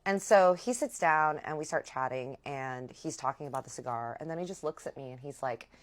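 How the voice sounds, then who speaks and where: A young woman telling a personal story to viewers in a chatty, animated way. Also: sits low, brisk. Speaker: vlogger. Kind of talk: storytime vlog.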